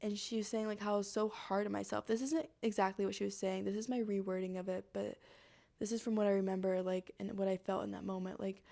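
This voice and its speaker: A woman's voice: mid-range voice, little pitch movement, fast, vocal fry, dark tone. A young woman, a podcast host, telling a personal story and acting out her own inner voice with animation.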